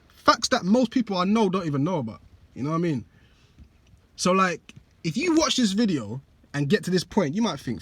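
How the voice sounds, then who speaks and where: A man's voice: a little high, expressive, fairly quick, husky, no echo. A young man giving casual reaction commentary, blunt and mocking, full of swearing and slang. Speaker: reaction channel host.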